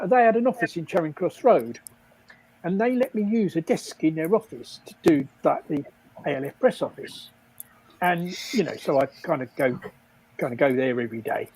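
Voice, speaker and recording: A man's voice: high-pitched, a little mellow, breathy edge, rough recording. An older man, telling rambling stories in casual chat on a livestream, often laughing and acting out the people he quotes. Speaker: livestream guest storyteller.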